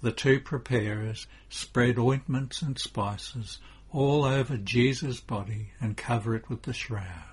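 A man's voice: medium pitch, slow pace, slightly rough. A man reading a devotional religious narrative aloud in an earnest, impassioned way. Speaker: reader. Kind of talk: dramatic scripture reading.

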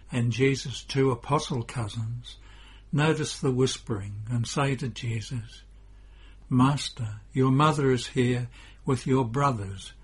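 A man reads a devotional story aloud in a measured narrating manner. His voice is deeply husky and breathy, and he takes his time over every phrase. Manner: slow, measured reading.

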